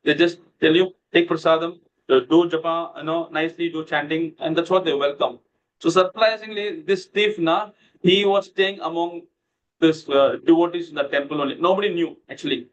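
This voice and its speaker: A man's voice: a little high, normal speed, slight background noise. Guy teaching a scripture class on a video call, rambling story full of "you know", dull lo-fi audio. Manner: loose storytelling with many "you know" fillers. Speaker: Bhagavad Gita class teacher. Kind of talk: devotional lesson with storytelling.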